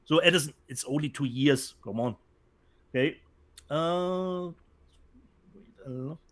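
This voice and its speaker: A man's voice: fairly high pitch, a little slow, fairly bright tone. A man with a German accent co-hosting a casual show, reading viewer comments aloud and often repeating words as he searches for them. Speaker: co-host. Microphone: remote call from home.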